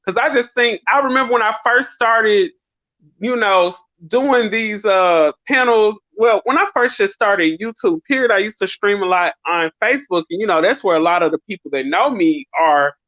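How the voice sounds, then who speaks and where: A middle-aged woman, a guest on a live-stream panel, speaks at normal speed in a medium-pitched, fairly bright voice. Her manner is reflective and earnest, with long, winding turns. The stream audio is dull, dry and lo-fi, with no room sound.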